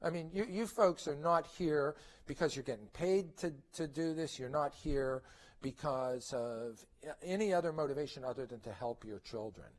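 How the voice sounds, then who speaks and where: A man's voice: on the high side, normal speed. A middle-aged man presenting at a conference, lecturing parents in a conversational way, often asking rhetorical questions and checking in with "okay?".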